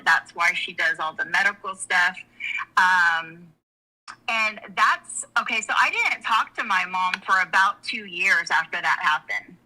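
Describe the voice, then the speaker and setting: Bright-voiced woman, frank and rambling. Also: lowish voice, rough recording. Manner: frank and emotional, rambling with restarts. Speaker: guest. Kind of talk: candid personal storytelling in conversation.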